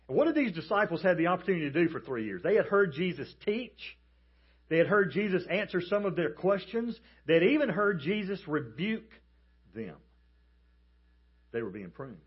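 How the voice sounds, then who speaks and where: A man preaching a sermon as a pastor, emphatic and animated as he tells a story. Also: fairly high pitch, husky, dull audio. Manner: emphatic, animated storytelling with calls for the congregation to repeat.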